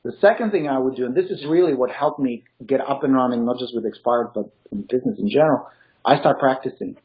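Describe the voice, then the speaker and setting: A man's voice: medium pitch, quick pace, highs cut off. A man who is not a native English speaker, with a slight foreign accent, talking as a real estate coach in a casual interview, emphatic and motivational. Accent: Eastern European. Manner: emphatic, motivational, laughs easily.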